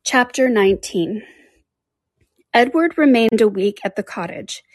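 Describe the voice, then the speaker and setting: A woman reading a classic novel aloud in a measured, careful way. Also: on the high side, animated, dry recording. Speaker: audiobook reader.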